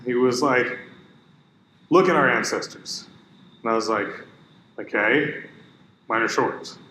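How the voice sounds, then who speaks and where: A man's voice: medium pitch, slow pace. Guy telling a gym story, lots of quoting back and forth, echoey room, faint hiss. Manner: animated anecdote-telling, quoting others. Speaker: podcast co-host. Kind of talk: casual chat, storytelling.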